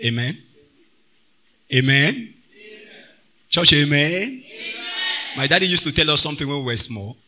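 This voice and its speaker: A man preaching a sermon, swinging between loud bursts and quiet asides and slipping into pidgin phrases. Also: on the high side, expressive, moderate pace, long pauses.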